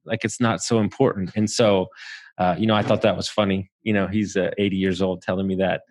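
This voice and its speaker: Guest, a man from Southeast Texas with a lowish voice, loose and profane in his storytelling. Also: little pitch movement, a little fast, darkish tone. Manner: swears freely, laughs through his story. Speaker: podcast guest. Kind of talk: casual storytelling.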